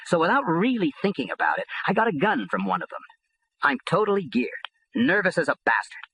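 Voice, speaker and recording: A man's voice: fairly high pitch, sing-song, moderate pace, sharp tone, slightly rough, low-quality recording. A man reading an audiobook in first person, with a blunt, streetwise delivery. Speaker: audiobook narrator.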